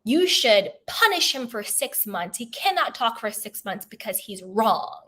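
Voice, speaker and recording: A woman's voice: a little high, very animated, unhurried, pushed and bright, full character voice. A woman voicing a foolish, argumentative donkey in a spoken parable, demanding punishment in a whiny way.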